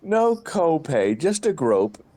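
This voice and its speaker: A man's voice: on the high side, takes it slowly. A man co-hosting a comedy podcast, cracking crude teasing jokes. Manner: joking, animated, teasing. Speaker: podcast co-host.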